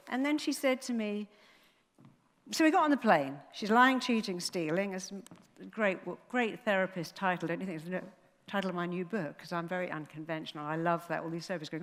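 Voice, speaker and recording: A woman therapist giving an animated motivational stage talk, emphatic and fond of acting out dialogue. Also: lowish voice, fairly quick. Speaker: therapist and speaker. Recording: reverberant hall.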